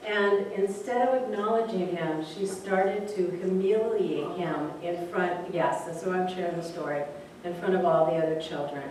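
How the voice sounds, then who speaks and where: A woman's voice: lowish voice, moderate pace, darkish tone. Woman reverend in a very echoey room. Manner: conversational, speaks directly to the group. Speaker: reverend leading a spiritual group. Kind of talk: spiritual talk with storytelling. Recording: very echoey room, voice from a distance, faint noise.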